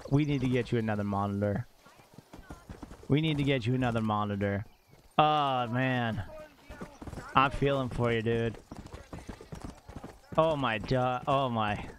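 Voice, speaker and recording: Young male streamer, excitable chat, unhurried, faint background noise. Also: medium pitch. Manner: excitable, exclaims and laughs often. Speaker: game streamer. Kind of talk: casual live-stream chat. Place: home streaming setup.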